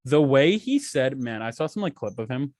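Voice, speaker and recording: A man's voice: mid-range voice, sing-song, moderate pace, darkish tone, dry recording, clean studio sound. A young man co-hosting a podcast, talking casually in a heated, profane, rambling way. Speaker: podcast co-host. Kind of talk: casual chat.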